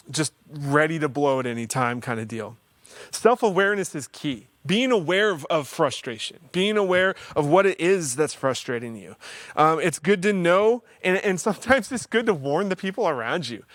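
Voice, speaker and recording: A man hosts a counseling livestream and talks through faith-based advice in a relaxed, conversational way, earnest with a touch of self-deprecating humor. His voice sits slightly high for a man. The sound is dry, with almost no room echo. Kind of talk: casual faith-based teaching talk.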